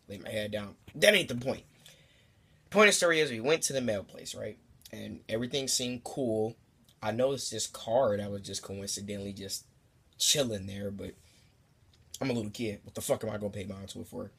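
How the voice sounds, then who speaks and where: A young man telling a comedic story to the camera in a casual, profane, rambling way, sometimes jumping into high squeaky voices for the people in it. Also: a little fast, vocal fry, fairly bright tone, breathy edge. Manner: profane, rambling asides to the viewer. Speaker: storytime vlogger.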